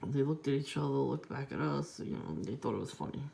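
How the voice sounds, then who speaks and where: A woman's voice: a bass voice, fairly quick, creaky, warm tone. A woman with a stuffed-up, congested voice, rambling and swearing through a casual vlog rant. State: congested, nasal from a cold. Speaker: vlogger.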